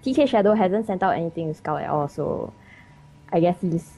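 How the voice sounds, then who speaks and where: Nervous warm-voiced woman casting. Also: lowish voice, expressive, brisk, soft background music, rough recording. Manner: hesitant, many fillers. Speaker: first-time game caster. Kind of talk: live esports commentary.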